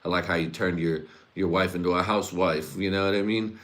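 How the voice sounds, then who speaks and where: A man's voice: low voice, steady tone, a little fast, a bit bright. A man hosting his own podcast, rambling through comedic ideas with lots of fillers, laughter and swearing. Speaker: podcast host. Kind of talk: solo comedic riffing.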